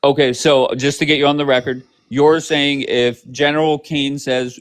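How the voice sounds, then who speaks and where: In a casual political debate on his live stream, an unhurried man with a medium-pitched voice grills his caller with pointed questions, repeatedly cutting in and insisting on a yes or no.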